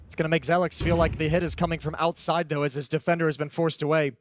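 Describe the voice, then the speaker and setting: High-voiced man giving esports color commentary. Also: little pitch movement, quick pace, slight background noise. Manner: conversational, analytical, with frequent restarts.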